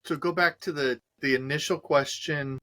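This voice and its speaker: A male clinician in a discussion, speaking thoughtfully and hesitantly, with many pauses and restarts. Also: a little high, steady tone, pushed and bright, no room sound. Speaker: clinician and co-host. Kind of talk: conversational discussion.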